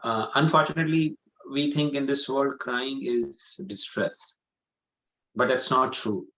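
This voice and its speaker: A man at a middle pitch teaches a scripture class with earnest, patient repetition. He circles back to his point and fills gaps with "you know." The sound is dull and lo-fi. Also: unhurried, bright, forceful tone. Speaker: spiritual teacher.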